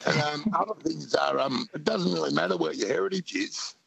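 A man's voice: on the high side, a little fast, gravelly, fairly bright tone, husky, no room sound, low-quality recording. An Australian man calling in to a radio show, chatting casually and rambling through anecdotes, often saying mate. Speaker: caller. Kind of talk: casual call-in chat.

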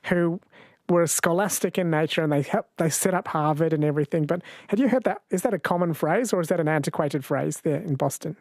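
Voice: medium pitch, a little fast, darkish tone. An interview host with a mid-range voice asks curious follow-up questions and steers to the next topic. The recording is dry, with no room echo. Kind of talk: conversational interview.

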